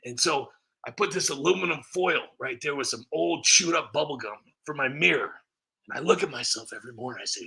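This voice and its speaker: A man's voice: a little high, fairly quick, gravelly, bright, forceful tone. A man on his own comedy channel, rambling through a self-mocking comic rant.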